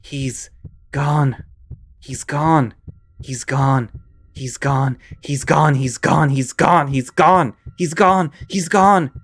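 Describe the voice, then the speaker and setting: A man's voice: medium pitch, level tone, very slow, long pauses. A man voicing a panicking, anxious young man who gasps, repeats himself and pleads, in a visual novel. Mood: panicked.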